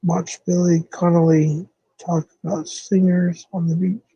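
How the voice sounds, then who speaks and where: This man, from the southwestern United States, hosts a casual live stream in a high-sitting voice that is flat, unhurried, dark, and a little breathy. The recording is dry with the highs cut off, and he rambles loosely, thinking aloud and correcting himself as he chats with viewers.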